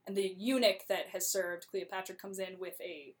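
A young woman retells a play in a loose, casual way. She is chatty and breaks into quick character voices as she goes. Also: medium pitch, steady tone.

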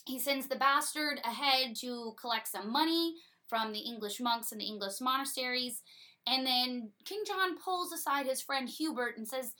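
A woman's voice: sits high, normal speed, pushed and bright. A woman giving a breezy, sarcastic comedic retelling of a story.

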